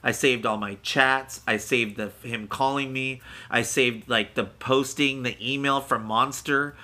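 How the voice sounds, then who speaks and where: A man with a very bright, forceful voice tells a story in casual podcast chat. He rambles and swears freely, slipping into quick impressions of the people involved. His pitch sits in an ordinary middle range. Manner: rambling and candid, with frequent fillers and swearing; animated, acting out other people's lines. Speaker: podcast co-host.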